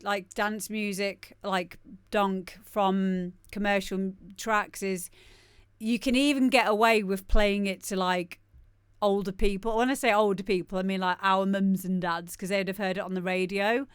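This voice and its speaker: A woman's voice: medium pitch, fairly even intonation, measured pace, smooth, no echo, studio quality. A woman DJ hosting a live-stream show, giving chatty, rambling commentary on the tracks and laughing often. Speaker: DJ and show host.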